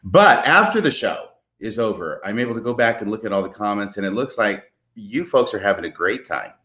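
A man's voice: on the low side, big pitch swings, a little fast, pushed and bright, echoey room. A man co-hosting a live show, playful and effusive, joking between remarks. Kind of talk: casual live show banter.

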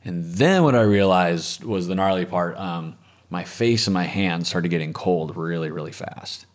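A man telling a personal story in an interview, calm and reflective, often letting his voice trail off softly. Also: low-pitched, normal speed. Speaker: interviewee, former medic and lifeguard.

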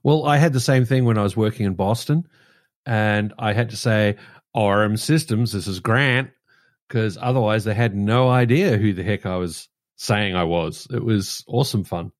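A man's voice: on the low side, moderate pace, a little mellow, dry recording, clean studio sound. Sarcastic joking Australian man. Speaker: podcast co-host. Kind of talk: casual chat.

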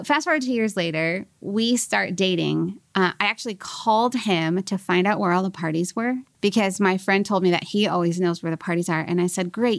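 A woman in her forties, a podcast guest, telling her life story in an animated, laughing way and acting out the voices she quotes. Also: medium pitch, vocal fry, no echo. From California. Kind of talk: casual storytelling interview.

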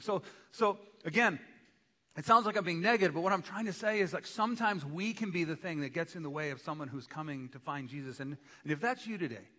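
Bright-voiced male pastor in reverberant church. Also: fairly high pitch. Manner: conversational, with joking asides. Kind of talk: sermon. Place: church sanctuary. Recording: long church hall reverb.

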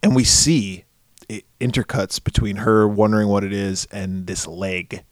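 A man's voice: on the low side, measured pace, no echo, studio quality. A man co-hosting a podcast, casually recapping a horror movie with profanity and acted-out character voices. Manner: animated, profane, acts out characters in exaggerated voices. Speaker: podcast co-host.

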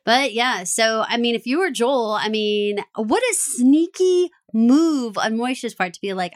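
A woman co-hosting a casual TV recap podcast, animated and laughing often, acting out quoted lines. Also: on the high side, moderate pace, few pauses. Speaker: podcast co-host.

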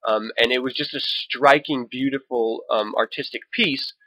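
A man's voice: mid-range voice, steady tone, moderate pace, bright, forceful tone, breathy edge, no room sound, rough recording. A man hosting a solo podcast, talking casually, reading book passages aloud and adding wry, profane asides. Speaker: podcast host.

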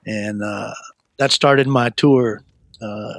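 A middle-aged man, a guest, telling his life story in a rambling, animated way, with many fillers and restarts. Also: slow, creaky, no echo. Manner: animated, acts out quoted voices with a raised pitch. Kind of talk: personal storytelling.

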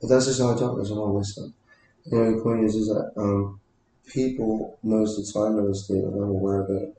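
A man's voice: fairly low pitch, vocal fry, warm tone, very echoey, slight background noise, poor audio. A man talking in a rambling, casual way, full of fillers and restarts. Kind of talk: casual conversation.

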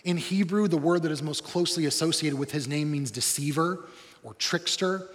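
A man preaching a sermon as pastor, telling the story in a lively, humorous way. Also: fairly high pitch, moderate pace, in a large hall.

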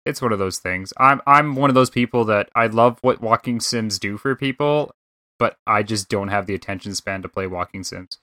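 Bright-voiced man hosting a gaming chat. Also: lowish voice, moderate pace, no room sound, clean studio sound. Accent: Canadian. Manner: rambling, swears casually, thinks aloud. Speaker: podcast host.

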